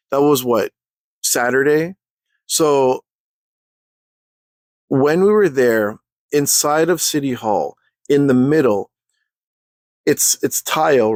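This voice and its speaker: A man telling a story in a casual rant for his vlog, heated and full of slang, clearly fed up. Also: medium pitch, no room sound. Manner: heated, slangy, exasperated ranting.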